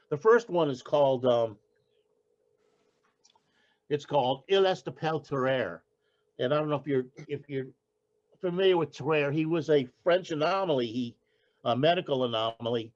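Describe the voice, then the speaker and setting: An older man speaks casually as a poet being interviewed. He keeps restarting and searching for words at a middle pitch, and the recording sounds dull and lo-fi. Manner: halting, with frequent restarts and fillers. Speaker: poet guest.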